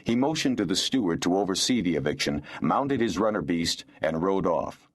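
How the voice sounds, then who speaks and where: A male audiobook narrator with a very low, deep voice. His delivery moves lively up and down as he tells the story. It is scripted, expressive narration. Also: normal speed, hardly any pauses.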